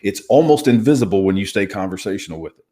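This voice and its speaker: A man's voice: on the low side, animated, fast, dark tone. A man, a former hostage negotiator, explaining conversation techniques emphatically and acting out examples. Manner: emphatic, demonstrates techniques aloud. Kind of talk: teaching conversation skills.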